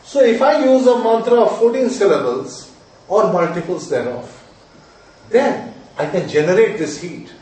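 This astrology teacher's voice sits high and darkish, with big pitch swings at a moderate pace. He lectures emphatically, repeats main points, and quizzes his students to check their understanding. The mic is distant in a very echoey room, with slight background noise.

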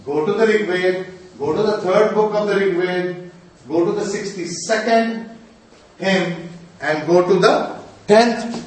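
A man teaching mantras to a group, quizzing his listeners emphatically and chanting verses slowly. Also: high-pitched. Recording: echoey room, distant mic.

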